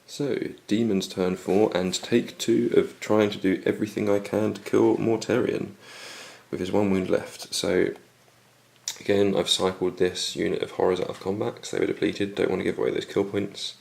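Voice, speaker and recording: Very deep gravelly man, losing his voice. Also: normal speed. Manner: steady recap of dice results. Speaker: wargame player narrating his turn. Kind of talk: casual battle report commentary.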